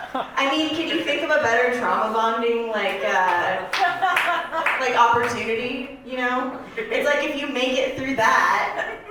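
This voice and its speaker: A woman of thirty doing a stand-up comedy set on a club stage, rambling and deadpan, with plenty of filler words. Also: a little high, a little slow, background noise. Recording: echoey club room from far off.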